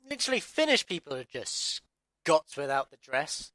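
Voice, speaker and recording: A man's voice: a little high, sing-song, moderate pace, pushed and bright, dry recording. An English man reading story narration, redoing lines and muttering in exasperation between takes. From England. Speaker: audiobook narrator.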